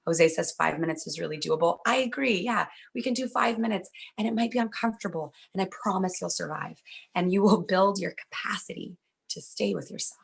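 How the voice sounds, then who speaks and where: A young woman giving an earnest, reassuring talk at a virtual event, speaking gently about communication. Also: fairly low pitch, a little fast, vocal fry, slightly rough. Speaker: workshop speaker.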